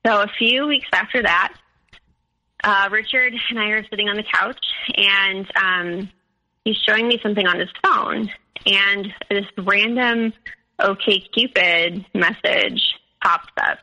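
A woman's voice: medium pitch, measured pace, bright, forceful tone, rough recording. A young woman telling her personal story as a podcast guest, candid and full of fillers. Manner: candid storytelling with many fillers, quoting others.

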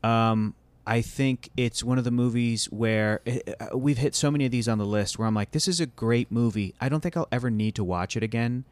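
A young adult man hosting a podcast in casual, halting chat with frequent restarts. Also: mid-range voice, no echo. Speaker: podcast host.

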